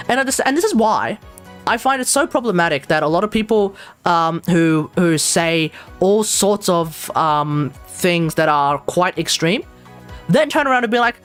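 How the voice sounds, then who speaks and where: A woman live streamer in casual chat, ranting in an animated way and laughing often. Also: mid-range voice.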